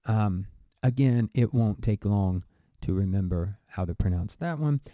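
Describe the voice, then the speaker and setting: Man, very dark mellow voice, slow hesitant lesson, dry close recording. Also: fairly low pitch, lively intonation, dry recording. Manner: slow, hesitant, with fillers and self-corrections. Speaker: language teacher. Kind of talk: lesson on pronunciation.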